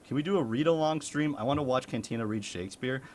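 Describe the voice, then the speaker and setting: A man's voice: mid-range voice, fast, darkish tone. A young man from the United States, a streamer chatting casually with his chat, laughing often and swearing.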